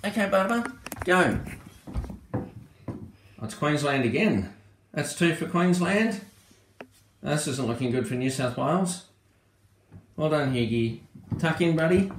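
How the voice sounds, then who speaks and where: A man's voice: fairly high pitch, animated, a little slow, long pauses. An Australian man hosting a casual home video with his family, chatty and playful, cooing affectionately at his pets. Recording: echoey room with background noise.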